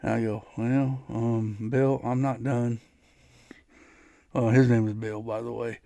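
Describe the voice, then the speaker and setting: A man's voice: medium pitch, level tone, slow, vocal fry, warm tone, no room sound. Man, podcast host, casual storytelling, rambling with restarts, dry sound. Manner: rambling, frequent restarts and laughs.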